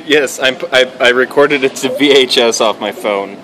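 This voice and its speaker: A woman's voice: extremely low pitch, moderate pace, fairly bright tone, a little hiss or hum, poor audio. A woman filming and chatting casually, joking and laughing as she watches. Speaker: person filming. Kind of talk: casual chat while filming.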